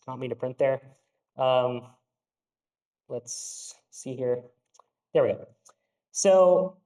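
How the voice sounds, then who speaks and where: Young male lecturer, high voice, casual and halting, classroom lecture. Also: poor audio. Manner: casual, lots of fillers and restarts. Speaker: university lecturer. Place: lecture hall.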